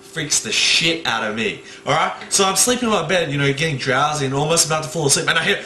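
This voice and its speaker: A young man doing stand-up, telling a story with loud bursts of fake panic and lots of swearing, without a microphone. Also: on the high side, fairly quick. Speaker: stand-up comedian. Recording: echoey room, no mic.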